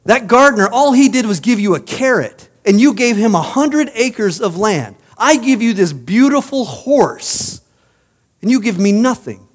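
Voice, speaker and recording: A man's voice: sits high, very animated, a little slow, voice pushed up, full character voice. A man voicing a jealous nobleman who complains in a raised, worked-up voice. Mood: indignant.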